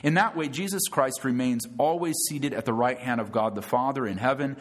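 In a mid-range voice and a slightly quick pace, a pastor gives his congregation an emphatic sermon. He names them friends, asks rhetorical questions, and lifts his voice sharply on the key words.

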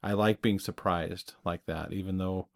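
Low-voiced reflective male podcast host. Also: steady tone, normal speed, vocal fry. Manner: reflective, conversational, chuckles at himself. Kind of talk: casual chat.

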